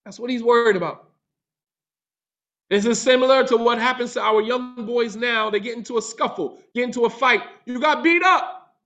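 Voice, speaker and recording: A man's voice: very high-pitched, moderate pace, pushed and bright, dull audio. A man teaching a religious class, reciting Arabic verses, translating them and asking his listeners rhetorical questions.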